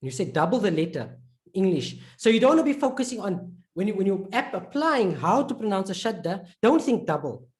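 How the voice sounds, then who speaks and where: A woman teaching an online lesson, patiently repeating points, checking in with learners and slowly drawing out example words. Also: mid-range voice, very animated, a little mellow. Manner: slowly drawn-out word demonstrations. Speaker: Arabic reading teacher.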